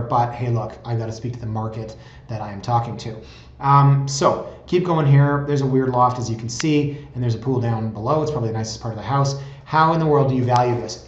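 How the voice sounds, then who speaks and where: A man's voice: medium pitch, slight background noise. A chatty man with a middle-range voice gives casual, sarcastic commentary on home listings and often wanders off on tangents. The sound is roomy and a little dull. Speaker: real estate blogger. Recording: roomy, slightly dull recording.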